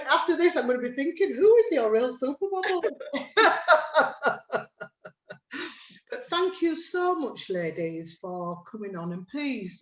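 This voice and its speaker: A woman's voice: high-pitched, fairly bright tone, reverberant, rough recording. A woman hosting an online chat over a video call, chatty and emotional with lots of fillers. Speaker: host of an online chat show.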